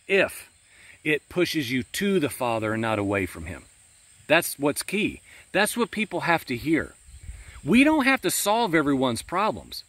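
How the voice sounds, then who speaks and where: A man's voice: on the high side, a bit bright, no room sound. A man giving a spontaneous, earnest devotional talk outdoors in a pasture, pastoral in tone and often addressing the listener as friend, with crickets and insects behind him. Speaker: Christian podcast host.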